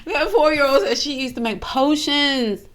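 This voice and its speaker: A woman's voice: high voice, normal speed. Chatty woman hosting a reaction video. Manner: chatty, exclaims and laughs often. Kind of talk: casual reaction commentary.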